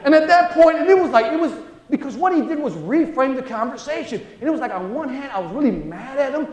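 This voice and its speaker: A middle-aged man gives a keynote on selling, telling a story and playing every part in it with a high, swooping voice. He keeps checking in with the audience between lines. The sound rings around a large, echoey room. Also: fast talker. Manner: animated, acts out dialogue, frequent "right?". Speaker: sales trainer and motivational speaker.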